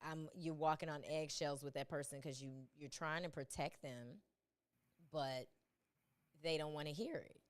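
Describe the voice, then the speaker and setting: A woman's voice: low voice, moderate pace, clear, resonant tone. A woman hosting a podcast interview, playful and emphatic, in casual chat. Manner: lively, playful, emphatic with "listen" and "okay". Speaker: podcast host.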